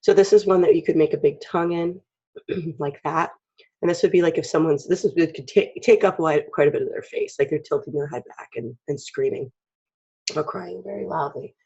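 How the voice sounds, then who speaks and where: Husky-voiced woman teaching drawing. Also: low voice, fairly quick, warm tone. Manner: chatty, clears throat often, acts out expressions. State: frog in her throat. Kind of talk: casual drawing tutorial. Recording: dull lo-fi recording.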